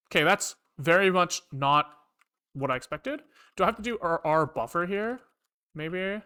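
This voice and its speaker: Swearing live-coder with a lively voice. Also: medium pitch, a little slow, pauses often, clear, resonant tone. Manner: muttering code aloud, frequent frustrated swearing. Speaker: programmer streaming live coding. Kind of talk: live coding, thinking aloud.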